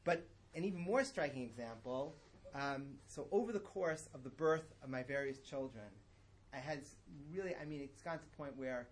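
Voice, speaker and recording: A middle-aged male teacher giving a lecture in an easy, conversational manner. He digresses freely and stresses his key points with emphasis, at a mid-range pitch. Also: moderate pace, slight background noise. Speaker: religious teacher. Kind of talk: lecture-style lesson.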